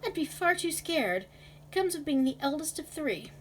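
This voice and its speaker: A woman's voice: high voice, big pitch swings, moderate pace, slight background noise, pitched above the performer's own voice. A woman voicing a timid, anxious young woman who stammers in breathless bursts. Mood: fretful.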